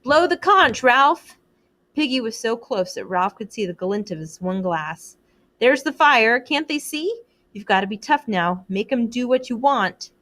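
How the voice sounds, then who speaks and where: A woman's voice: a little high, expressive, moderate pace, a bit bright. A woman reading aloud, voicing an anxious, earnest schoolboy who talks in a plain, worried, pleading way. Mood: urgent.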